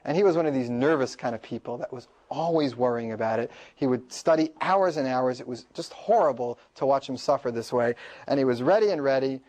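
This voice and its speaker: A man lecturing to a class, telling a story in an animated way and laughing often. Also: mid-range voice, fairly quick, hardly any pauses.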